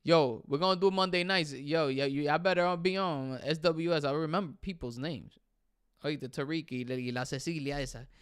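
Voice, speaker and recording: A man's voice: a little high, moderate pace, clear, resonant tone, no room sound, studio quality. Chatty bilingual young man streaming live. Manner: animated, chatty, switches between English and Spanish. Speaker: livestream host. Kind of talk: casual livestream chat reading viewer comments.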